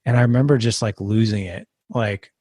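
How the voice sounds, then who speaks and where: A man on a podcast as a guest, telling a personal story in an earnest, halting way with many restarts. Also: lowish voice, warm tone, husky, no echo.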